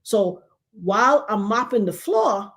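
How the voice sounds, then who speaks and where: Animated storytelling woman in her fifties. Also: mid-range voice, slow. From New York. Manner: animated, dramatic retelling with loud outbursts. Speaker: show host. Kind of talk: casual storytelling chat.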